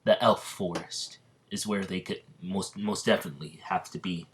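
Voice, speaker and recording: Casting: defiant young knight, low voice, halting lines, read by a man. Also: steady tone, fairly bright tone. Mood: determined. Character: hot-headed young male knight, defiant.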